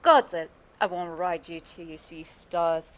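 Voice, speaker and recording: A woman streamer doing a rough impression of a brash, flirty female barbarian. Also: lowish voice, unhurried, muffled recording, voice pushed down, lightly acted. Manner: unsure impression, admittedly off accent.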